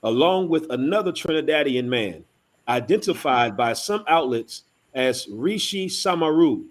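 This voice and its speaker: A man reading news aloud as co-host, his pitch climbing and falling a lot and sitting somewhat high. He punches the key words hard. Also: lively intonation, measured pace. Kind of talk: reading a news article aloud on a talk show.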